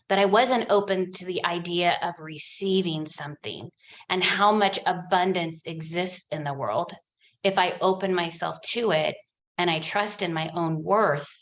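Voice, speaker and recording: Chatty woman telling her story. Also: fairly low pitch. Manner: animated, chatty storytelling with frequent "like". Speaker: guest, money coach. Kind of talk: candid interview chat.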